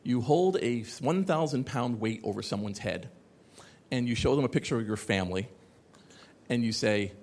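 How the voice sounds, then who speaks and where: A man giving a live talk to an audience, animated and sarcastic, rambling through asides. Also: medium pitch, normal speed, long reverb tail. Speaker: conference speaker. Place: large hall with audience.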